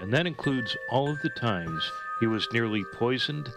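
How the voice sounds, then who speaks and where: A man announcing and narrating a radio story in a formal, deliberate tone. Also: mid-range voice, animated, gravelly. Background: music.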